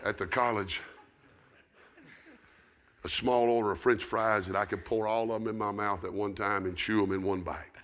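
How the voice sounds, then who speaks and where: A middle-aged man with a Southern American accent preaching a sermon, telling folksy stories that build up into shouted preaching. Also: fairly low pitch, steady tone, normal speed, long pauses. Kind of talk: storytelling sermon.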